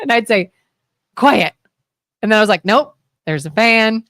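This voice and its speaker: A woman co-hosting a local talk radio show, telling rambling, animated stories in casual chat. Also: a little high, a little fast, dry recording, clean studio sound. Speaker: co-host.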